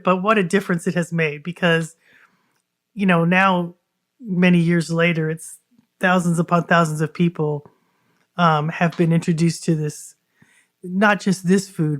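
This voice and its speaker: Woman podcast host, lowish voice, earnest, conversational, talks to listeners directly. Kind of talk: personal storytelling podcast.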